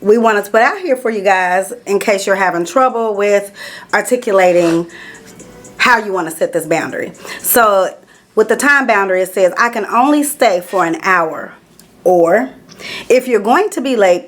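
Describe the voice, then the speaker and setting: A woman's voice: medium pitch, lively intonation, normal speed, faint music behind. A woman co-hosting a podcast, chatting casually with frequent ums and giggles. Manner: chatty, giggly, repeats filler words. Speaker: podcast co-host.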